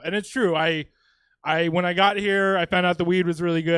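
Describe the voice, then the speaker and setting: High-voiced man doing stand-up. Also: fairly quick, fairly bright tone, smooth, no echo. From Louisiana, US. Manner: casual, swearing, chuckling asides. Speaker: stand-up comedian. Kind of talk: stand-up comedy set. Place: comedy theater stage.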